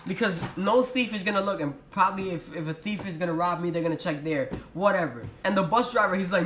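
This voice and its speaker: A man's voice: high-pitched, fast, hardly any pauses, a bit bright, a little hiss or hum. A young man telling a storytime vlog in a profane, exasperated rant. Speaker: vlogger. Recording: roomy echo.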